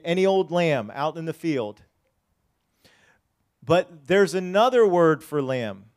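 A man preaching a sermon, speaking straight to the congregation, dropping to quiet asides and rising to loud, drawn-out emphasis. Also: on the high side, smooth. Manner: folksy, addresses the congregation directly. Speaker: pastor.

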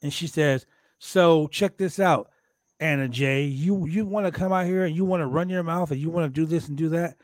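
Animated man recapping wrestling. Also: on the high side, normal speed, no room sound. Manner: animated, profane, acts out quotes from the show. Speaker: podcast host recapping wrestling. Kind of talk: casual wrestling recap chat.

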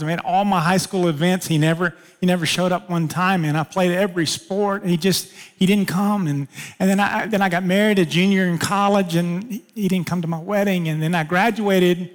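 A man preaching from the pulpit, weaving a personal story into his sermon. He plays out dialogue, jumping sharply up in pitch for his own protests and sinking to a hushed, low tone for quieter lines. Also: normal speed, in a large hall. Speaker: pastor.

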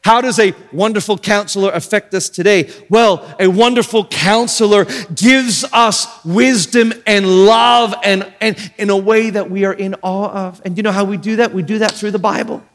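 A man with a high voice preaches with great energy, gasping in wonder and now and then shouting. His voice rings out with the long reverb of a hall. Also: moderate pace, few pauses. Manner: animated, with dramatic gasps and shouts. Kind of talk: sermon.

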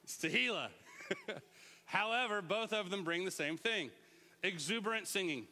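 A middle-aged man preaching a lively sermon, sometimes shouting out words to show what they mean. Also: high voice, a little slow, in a large hall, slight background noise. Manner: animated, shouts out words to demonstrate. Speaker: pastor.

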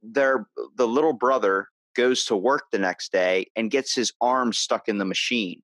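A man's voice: mid-range voice, measured pace, a bit bright, no echo. A man hosting a podcast, telling stories in a rambling casual way with restarts. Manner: rambling storyteller, restarts and retells plots. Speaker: podcast host. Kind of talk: casual chat.

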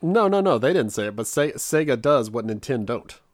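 A man's voice: medium pitch, sing-song, fairly quick, no room sound, clean studio sound. Rambling man telling a childhood story. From Kansas. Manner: rambling, self-mocking, frequent restarts. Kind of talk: casual storytelling chat.

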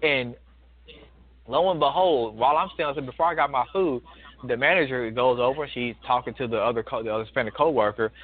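A man's voice: medium pitch, brisk. Man in his thirties on a phone line. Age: 30s. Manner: emphatic, animated retelling with many restarts. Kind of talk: casual storytelling.

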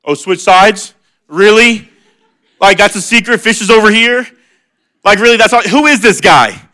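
A man's voice: sits high, normal speed, pushed and bright, voice pushed up. A man voicing a frustrated grown fisherman who answers with sarcastic disbelief, in a sermon retelling.

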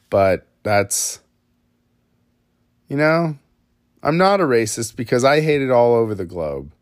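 A man talks through a solo podcast rant, rambling and swearing while mocking himself. His pacing is slow and drawn out, his pitch middling. The close mic sound is dry, with no room around it. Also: no room sound. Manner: rambling, self-mocking, profane. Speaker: podcast host.

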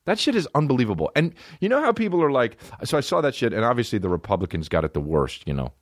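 A man hosting a solo comedy podcast, rambling and swearing as he riffs, bursting into quick mock voices. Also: mid-range voice, very animated, no room sound, studio quality. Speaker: podcast host. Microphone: phone.

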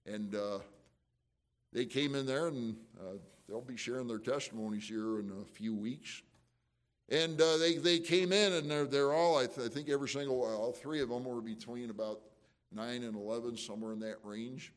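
Man, pastor, sermon, fervent, conversational, folksy asides, average pitch. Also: normal speed. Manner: fervent, conversational preaching with emotional surges; frequent restarts and folksy asides.

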